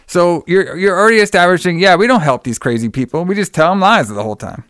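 A man's voice: high-pitched, expressive, fast, a bit bright, smooth, no echo, clean studio sound. A man hosting a podcast, recapping a film in casual chat, rambling and swearing, laughing often and acting out the characters' lines.

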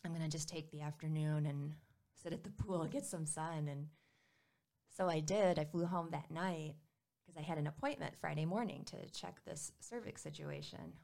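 Low, gravelly-voiced woman telling her story. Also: normal speed, darkish tone. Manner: candid, with frequent fillers and quoted dialogue. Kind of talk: personal story told in conversation.

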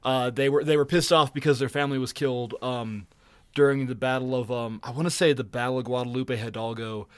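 A man's voice: medium pitch, steady tone, fairly quick, clean tone, no echo. A man co-hosting a podcast, telling a long story in a rambling, profane way full of restarts. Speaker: podcast co-host. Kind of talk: casual chat.

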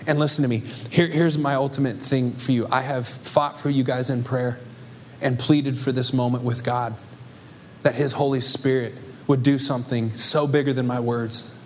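A man's voice: medium pitch, fairly even intonation, normal speed, a little hiss or hum. A young adult man preaching a sermon with passion and emphasis, as pastor on a church stage. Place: church stage before a congregation.

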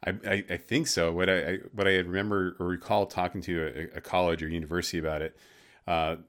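Deep but bright voiced guy, stumbles and restarts a lot, podcast chat. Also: little pitch movement, fast. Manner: hesitant, many restarts and fillers. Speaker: podcast co-host. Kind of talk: casual tech chat.

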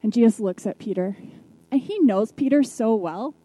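A woman preacher retelling a Bible story in a sermon, reflective, with soft hushed drops at key moments. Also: a little high, lively intonation, normal speed, dry recording, rough recording.

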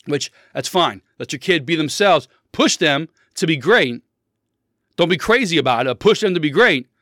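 A man in his thirties hosting a solo podcast with a fairly high voice. He talks bluntly and preaches, repeating short commands for emphasis. The sound is close and dry, with no room around it. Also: fairly bright tone, dry recording. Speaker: podcast host. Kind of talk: casual solo podcast monologue.

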